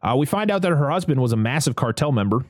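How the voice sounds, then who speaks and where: A man's voice: medium pitch, animated, fast, no echo, studio quality. A man chatting casually as a podcast host, recapping a film, laughing often and acting out the characters' lines. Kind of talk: casual chat.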